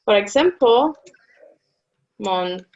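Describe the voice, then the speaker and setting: A woman's voice: medium pitch, animated, extremely slow, slight background noise. A woman tutoring a Spanish lesson, patiently explaining rules step by step, repeating key words and checking that her student follows. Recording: dull lo-fi sound.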